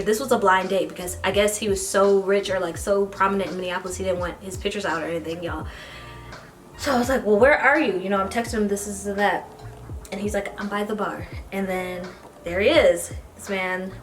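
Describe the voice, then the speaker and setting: A young American woman, a beauty vlogger, telling a story while doing her makeup. She talks casually and animatedly, with bursts of excited squealing. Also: mid-range voice. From United States. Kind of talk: get-ready-with-me storytime.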